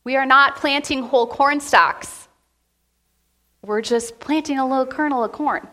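A woman pastor preaching a heartfelt sermon to her church, speaking with emotion and deliberate pauses. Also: high-pitched, sharp tone. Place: church sanctuary.

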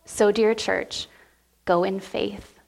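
A woman pastor preaching a heartfelt sermon to her church, speaking with emotion and deliberate pauses. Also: mid-range voice, flat delivery, creaky. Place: church sanctuary.

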